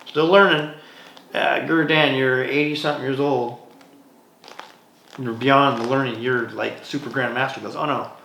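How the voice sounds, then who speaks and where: A man's voice: medium pitch, moderate pace, vocal fry. A man, a martial arts instructor, telling stories as a podcast guest and acting out the dialogue in quoted voices. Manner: animated storyteller, acts out dialogue in quoted voices. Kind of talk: casual interview storytelling. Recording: roomy echo, faint noise.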